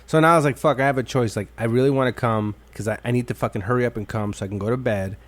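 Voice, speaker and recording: A man's voice: medium pitch, very fast, dry recording. A man hosting a podcast, telling a crude story in casual, profane chat with lots of laughs and acted-out quotes. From Mexican-American from Illinois. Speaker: podcast host.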